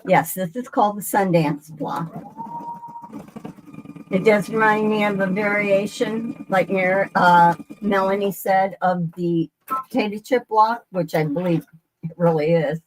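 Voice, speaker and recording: In an unhurried, mid-range voice with a bit of hiss or hum in the background, a woman runs a relaxed live quilting demo from her sewing room. She keeps restarting sentences and wanders off track while calling out viewers by name.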